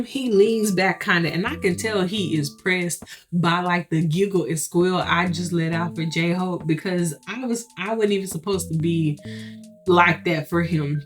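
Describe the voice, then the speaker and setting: A young adult woman vlogger chatting to her viewers, laughing often and acting out what others said. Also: medium pitch. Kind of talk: casual storytelling to viewers.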